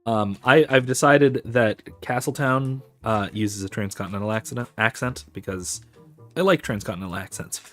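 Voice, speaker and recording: A man's voice: on the low side, moderate pace, a bit bright, faint music behind. A man hosting a let's play, giving casual, rambling commentary full of ums and restarts as he digresses.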